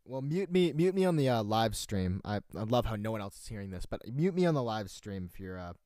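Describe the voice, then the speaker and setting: A man's voice: on the low side, big pitch swings, brisk, dark tone, no room sound, studio quality. A young man from North Carolina hosting a casual live stream show, rambling, joking and laughing often as he passes on what a friend on a call says. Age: young adult.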